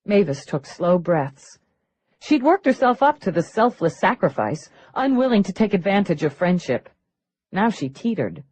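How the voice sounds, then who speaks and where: A woman narrating an audiobook in a measured, expressive storytelling manner. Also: fairly low pitch, slightly rough, no echo, low-quality recording. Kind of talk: scripted narration.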